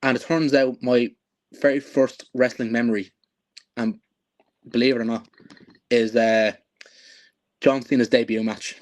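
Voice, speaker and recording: A young man in his twenties chatting as a podcast guest, laid-back and halting, often restarting his sentences. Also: medium pitch, fairly even intonation. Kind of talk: casual chat.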